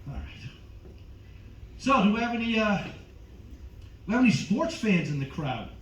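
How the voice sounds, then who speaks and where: A man's voice: sing-song, a little slow. Teasing man doing stand-up on a stage. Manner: loud, teasing crowd work with sudden jumps in pitch. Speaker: stand-up comedian. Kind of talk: stand-up comedy set. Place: cruise ship theater. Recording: echoey, distant, dull with crowd noise. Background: audience noise.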